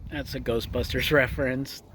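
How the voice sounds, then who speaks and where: A man's voice: mid-range voice, fairly even intonation, normal speed. A man ranting casually about the news as a vlogger, crude and mocking, talking outdoors near a horse. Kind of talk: casual political rant.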